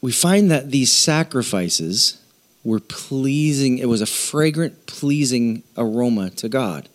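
A man's voice: medium pitch, lively intonation, slow pace. Chatty man teaching a Bible lesson. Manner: conversational, asks the audience questions, jokes. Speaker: pastor.

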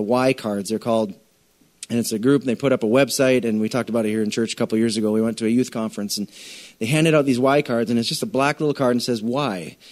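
A male pastor delivers a sermon in an easygoing, conversational manner. He moves between storytelling and scripture, putting on quick voices for the people in his stories, and keeps his pitch at an ordinary middle level for a man. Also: darkish tone.

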